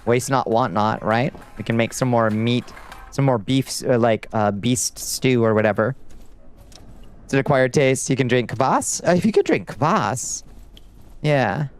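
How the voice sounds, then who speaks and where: Man, casual gaming streamer, smooth clear voice, mid pitch, rambling and profane, desk mic at home. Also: a little slow. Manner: loose and profane, rambling with fillers. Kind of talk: casual gameplay chat with viewers.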